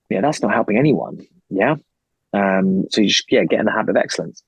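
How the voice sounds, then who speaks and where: A man's voice: lowish voice, expressive, fairly quick, husky, no room sound, rough recording. A man in his thirties talking casually and energetically as a podcast guest, rambling and swearing now and then. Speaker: podcast guest, investor and founder. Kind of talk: casual conversation.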